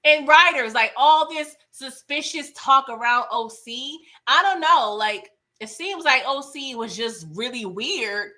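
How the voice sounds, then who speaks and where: A woman hosting a casual live-stream TV recap, animated and laughing as she talks back to the characters. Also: sits high, measured pace, few pauses. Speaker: TV recap host.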